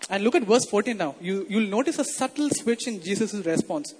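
A man's voice: high voice, animated, fast talker, few pauses, slightly rough. A man preaching a sermon in a conversational way, often putting questions to his congregation. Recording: long hall reverb.

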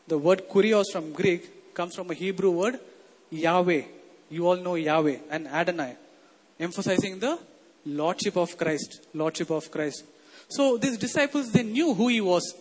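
A high-voiced man delivers a sermon in a big hall, where his words ring out with a long reverb. His manner is conversational, and he keeps putting questions to the congregation.

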